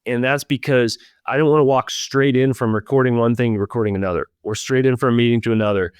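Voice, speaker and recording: Earnest guy hosting a leadership podcast, smooth clear voice, dry close sound. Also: medium pitch, fairly even intonation, quick pace, dry recording. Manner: earnest, reflective, speaks straight to listeners. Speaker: podcast host.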